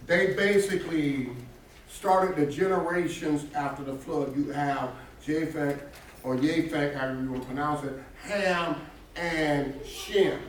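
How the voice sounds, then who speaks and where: A pastor leads a Bible class, emphatic and quizzing the people in front of him. His voice sits fairly high for a man. He is recorded from across a very echoey room. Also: slight background noise. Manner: emphatic, talks to the class with questions. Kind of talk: Bible study class teaching. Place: church classroom. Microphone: distant room mic. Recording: very echoey room, far from mic.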